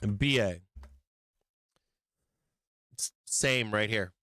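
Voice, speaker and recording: A man talks through stock charts in a blunt, rambling, profane way, with plenty of ums and asides. His voice is bright and smooth. It is recorded dry and close. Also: fairly low pitch, extremely slow, no room sound. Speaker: stock market show host. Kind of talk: casual trading commentary.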